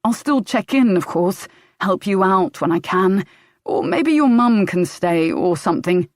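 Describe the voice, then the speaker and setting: A woman's voice: on the low side, animated, measured pace, no room sound, studio quality. A woman voicing a young man, a defensive partner who talks in an earnest, pleading, agitated way. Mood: pained.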